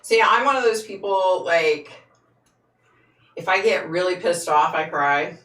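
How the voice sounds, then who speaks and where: A woman's voice: on the low side, a little slow, a bit bright, recorded from a distance. A woman who is a psychic, hosting a casual live stream and answering viewer comments frankly, laughing often. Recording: echoey room, voice away from the mic.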